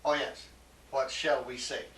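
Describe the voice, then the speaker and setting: A man teaching a Greek class, patient, repeating his questions and laughing gently. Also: medium pitch, little pitch movement, a little slow. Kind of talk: classroom lecture. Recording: echoey classroom from far off, faint hiss.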